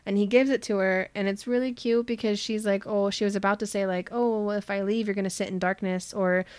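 A young woman with a steady, slightly mellow, clean mid-range voice talks fairly quickly with no room sound. Hosting a podcast, she chattily recaps a novel's plot, laughing often, saying "like" constantly, and loosely acting out characters' lines.

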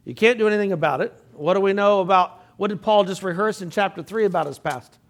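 An older man leads a Bible study in a relaxed, conversational way. His voice sits a bit high for a man, and he often clears his throat and adds asides to the class. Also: fast. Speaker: Bible teacher.

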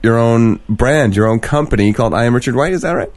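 A man's voice: medium pitch, fast, no echo, clean studio sound. A man co-hosting a casual podcast chat, telling jokey stories and putting on a mock French voice. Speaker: podcast co-host.

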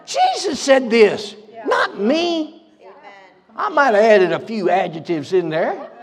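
A man's voice: very high voice, very animated, slow pace, some chatter behind. A man preaching a sermon as pastor, fiery and folksy, laughing between lines in a church. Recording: reverberant church hall.

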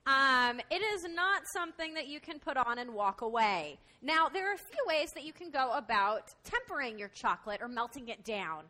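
Bright high-voiced woman chef explaining. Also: animated, moderate pace, hardly any pauses. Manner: explanatory, lots of "um" fillers. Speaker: chef and cooking instructor. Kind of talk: cooking demonstration on live radio.

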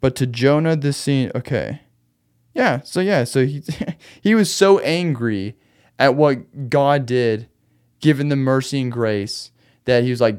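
Podcast host, male, mid-pitched and resonant, casual slangy storyteller for a laid-back faith show. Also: a little slow, darkish tone, clean tone. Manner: loose, chatty storytelling with slangy asides.

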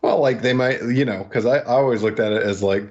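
A man's voice: mid-range voice, brisk, darkish tone. A man guesting on a casual film review podcast, rambling through his theories with many likes and you-knows. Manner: rambling, filler-heavy theorizing. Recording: dull, muffled sound.

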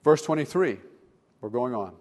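A man preaching a sermon in church as pastor, animated, swinging between loud emphasis and quiet asides. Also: medium pitch, normal speed.

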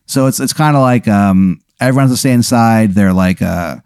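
A man's voice: on the low side, moderate pace, clean tone, no room sound, studio quality. A man hosting a comedy podcast, improvising a rambling story for his co-host. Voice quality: animated, rambling with fillers.

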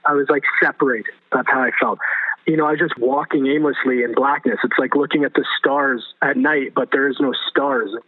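A man's voice: mid-range voice, fairly even intonation, a little fast. A man telling his personal testimony as a guest, earnest and vivid, repeating phrases for emphasis. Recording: phone-like narrow sound.

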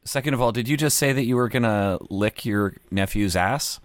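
A man hosting a prank phone call, staying calm and deadpan with mock earnest questions. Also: medium pitch, moderate pace, no room sound, clean studio sound. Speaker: prank caller host.

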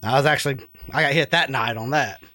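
Man, sheepish, bright voice, dry close sound. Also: mid-range voice, fast talker, no echo. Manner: sheepish, laughing at himself. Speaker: ex-roadie guest. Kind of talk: casual podcast chat.

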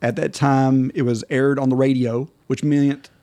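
A man's voice: medium pitch, flat delivery, a little slow, warm tone, dry recording. A man co-hosting a casual podcast, talking in a rambling way with lots of fillers and restarts. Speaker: podcast co-host.

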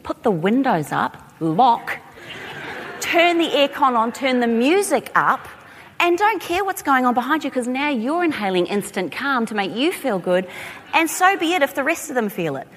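A woman's voice: sits high, moderate pace, a little hiss or hum. Chatty Australian woman in a hall. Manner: chatty, animated, laughing asides. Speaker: speaker. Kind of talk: talk to a live audience. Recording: long hall reverb.

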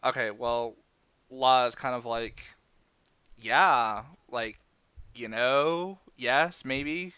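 Man, joking, wry, smooth resonant voice, dry sound. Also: mid-range voice, drawn-out words, sharp tone, no room sound. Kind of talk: casual podcast chat.

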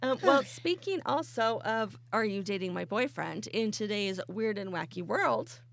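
Female co-host, chatty and filler-heavy, creaky voice. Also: mid-range voice, animated, a little slow, slight background noise. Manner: chatty storyteller, lots of "like". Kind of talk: casual group chat.

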